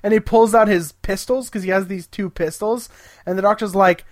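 A podcast co-host casually recapping an episode, animatedly retelling scenes and quoting characters in quick voices. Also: medium pitch, steady tone, no room sound, studio quality.

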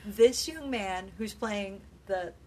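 A woman chatting casually about a film, telling it with animated energy and acting out lines, sounding exhausted. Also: mid-range voice, takes it slowly, a little hiss or hum. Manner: animated storyteller, acts out dialogue.

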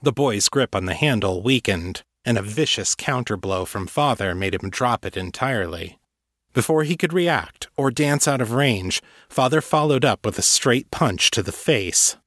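A man narrating a fantasy audiobook in a steady, measured way. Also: fairly low pitch, no room sound, studio quality. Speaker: narrator and author.

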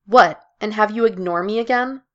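A cheerful, caring young woman, as a storyteller puts her on, speaking in a raised, gravelly-edged voice. She is eager and warm-hearted toward her girlfriend, heard through a dull lo-fi recording. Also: fairly high pitch, measured pace, pitched above the performer's own voice.

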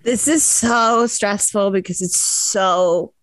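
A woman with an American accent co-hosting a casual comedy chat, playful and quick to riff. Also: mid-range voice, fairly bright tone, dry recording, low-quality recording. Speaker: podcast co-host.

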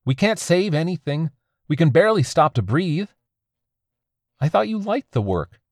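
A woman's voice: sits low, big pitch swings, normal speed, darkish tone, dry recording, studio quality, voice pushed up, full character voice. A man voicing an anxious, stubborn young woman who runs a freight train, talking in a tense, defensive, pleading way.

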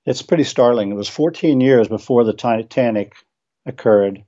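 An older retired teacher, a man, answering interview questions and reading his own verse and notes aloud in a measured, explaining way with some hesitations. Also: mid-range voice, mellow, highs cut off. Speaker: guest author, retired teacher.

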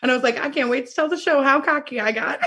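A woman's voice: high voice, sharp tone. A young woman co-hosting a podcast, animatedly retelling a dating story with acted quotes and laughter. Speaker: podcast co-host. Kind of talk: casual chat, storytelling.

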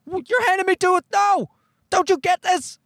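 A man voicing a terrified baby protesting in shrill panic at being handed to a stranger. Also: normal speed, creaky, a bit bright, no echo, studio quality, full character voice. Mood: panicked.

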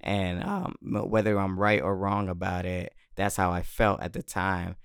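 A man telling a personal story in casual chat, animated, swearing and laughing often, on a close mic. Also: sits low, normal speed, smooth, no echo.

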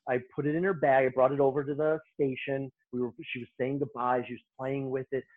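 A middle-aged man, a hairstylist guest, telling lively anecdotes in casual podcast chat and acting out the lines people said. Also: medium pitch, fast talker. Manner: lively anecdote-teller who acts out quoted lines. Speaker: hairstylist and beauty-industry guest. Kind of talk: casual storytelling in a podcast interview. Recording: tinny phone-line audio.

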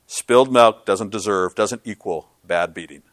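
A man preaching a sermon as pastor, earnest and swinging from loud to hushed. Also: on the low side, unhurried, no room sound.

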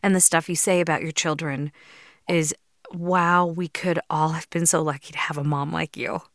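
A woman's voice: low-pitched, fairly even intonation, normal speed, fairly bright tone, no room sound, studio quality. A woman hosting a podcast interview, heartfelt and tearful as she praises her guest. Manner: emotional, tearful while reading aloud. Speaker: podcast host.

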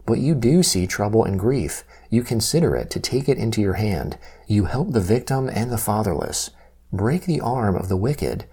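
Husky, mellow man reading scripture. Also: lowish voice. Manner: measured, steady reading. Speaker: scripture reader.

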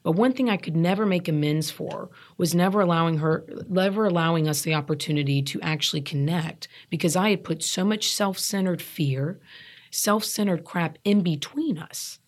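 A woman in her thirties with a low voice shares her story as an interview guest. She talks in an earnest, emphatic way and circles back to repeat what matters to her. The tone is candid and personal. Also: moderate pace. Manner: earnest, emphatic, repeats herself when stressing a point. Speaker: guest sharing recovery story.

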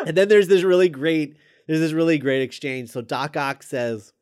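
A man's voice: fairly high pitch, normal speed, a little mellow, clean tone. A man casually retelling a screenplay scene by scene, hesitant and full of ums and restarts, amused as he goes. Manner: amused, chuckles while recounting.

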